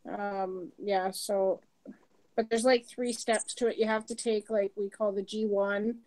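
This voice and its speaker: A woman in her mid forties chatting in a group, telling quick anecdotes and laughing. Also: mid-range voice, steady tone, darkish tone, rough recording. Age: 40s. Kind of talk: casual group chat.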